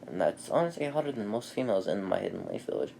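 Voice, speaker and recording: A man voicing an overpowered, cocky teenage boy ninja in a casually retold fan story, speaking in a calm, matter-of-fact way. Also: lowish voice, quick pace, creaky, slight background noise. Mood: cool.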